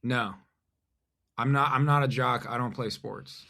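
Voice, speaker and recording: A man speaking as a podcast guest in a casual chat. His tone is bright and forward, and his pitch sits in the middle range. He talks haltingly and deadpans his jokes. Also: creaky. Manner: halting, deadpan, self-deprecating. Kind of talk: casual conversation.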